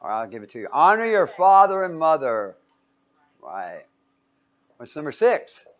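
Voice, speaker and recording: A man leads a Bible class in a playful, teasing way, quizzing his listeners and cracking jokes as he goes. His voice sits a little high for a man, and he talks straight to the group in front of him. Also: sing-song, moderate pace, a bit bright. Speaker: Bible teacher. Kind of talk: interactive Bible teaching.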